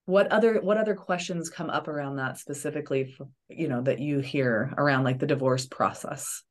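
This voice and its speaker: A woman's voice: low-pitched, brisk. A woman therapist, a podcast guest, giving earnest advice in a coaching manner. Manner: earnest, coaching, acts out examples.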